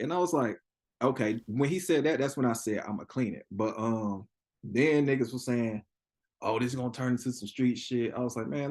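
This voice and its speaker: A young man telling a story in a casual interview, profane and animated, laughing often and acting out quotes. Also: medium pitch. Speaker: interview guest.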